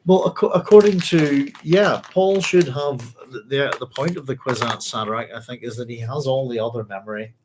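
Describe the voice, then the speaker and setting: A man's voice: mid-range voice, normal speed, hardly any pauses, noisy background. Chatty man hosting a live book club. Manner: reads passages aloud, then muses informally and answers viewers' comments. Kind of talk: live-streamed reading and discussion.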